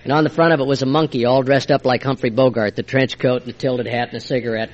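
An older man sharing a heartfelt personal testimony at a recovery meeting, moving between hushed and emphatic delivery. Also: mid-range voice, fairly even intonation, fast talker, muffled recording. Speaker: speaker sharing his recovery story.

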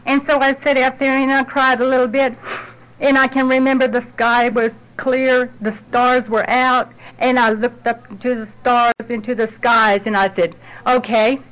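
A woman's voice: high voice, steady tone, normal speed, fairly bright tone, low-quality recording. A middle-aged woman speaks in a slightly raised register. She tells her personal story at a support group meeting in a plainspoken, heartfelt way. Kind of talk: personal testimony.

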